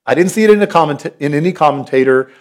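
A fairly high-voiced man in his forties with a drawl preaches a sermon. He talks earnestly and conversationally, easing into stories and asides. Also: lively intonation, quick pace, darkish tone. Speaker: pastor.

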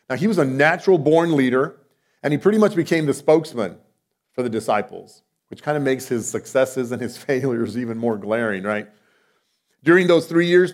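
Man preaching with dynamic swings. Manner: dynamic delivery, swinging between loud emphatic lines and soft low asides; conversational, with rhetorical questions and light laughs. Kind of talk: sermon.

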